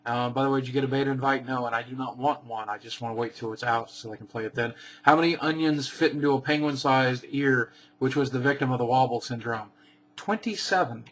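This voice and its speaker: Man vlogger, casual Q&A, deadpan short answers, mid-pitched voice. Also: fast. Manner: reads questions aloud then answers dryly and briefly. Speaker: vlogger answering viewer questions.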